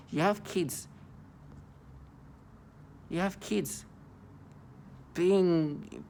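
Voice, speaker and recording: A man in his thirties gives an agitated vlog monologue, repeating himself and stammering through restarts. His voice is a little high and a little mellow, with a little hiss or hum in the recording.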